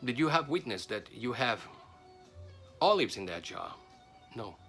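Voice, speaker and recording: A man voicing a skeptical lawyer with a bright, gravelly voice. The lawyer fires brisk, probing questions. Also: medium pitch, big pitch swings, faint music behind, exaggerated voice.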